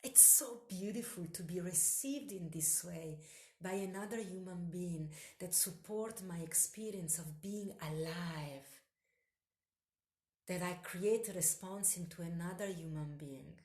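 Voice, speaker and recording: A woman hosting a solo podcast, delivering a slow spiritual monologue with incantatory, repetitive phrasing. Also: fairly low pitch, a little mellow, roomy sound.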